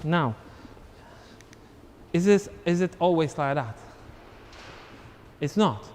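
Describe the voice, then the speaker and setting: Man, dance teacher, fairly high voice, scats and counts steps, long studio reverb. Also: lively intonation, takes it slowly, darkish tone, slight background noise. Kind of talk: live online dance class.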